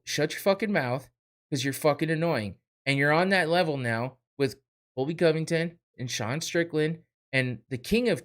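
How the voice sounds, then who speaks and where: Ranting heatedly on his podcast, a man with a mid-range, somewhat bright voice swears bluntly and punctuates it with brief laughs.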